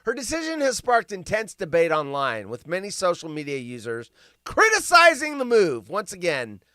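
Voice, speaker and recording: A man's voice: sits high, wildly swooping pitch, normal speed, sharp tone, no room sound, clean studio sound. A man hosting a live stream, reading news stories aloud and ranting about them in a rambling, sarcastic way that keeps going off on tangents. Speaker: livestream host.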